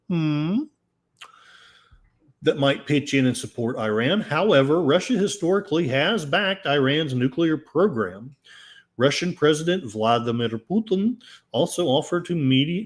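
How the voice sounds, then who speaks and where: A man's voice: on the high side, expressive, takes it slowly. A man hosting a podcast, reading news articles aloud with sarcastic, rambling asides. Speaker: podcast host. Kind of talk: casual commentary while reading news aloud.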